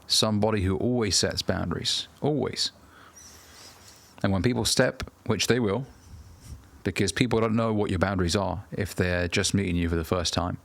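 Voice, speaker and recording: Blunt, profane low-voiced male coach. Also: moderate pace, vocal fry, fairly bright tone. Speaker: dating and self-improvement coach. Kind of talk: direct-to-camera advice talk.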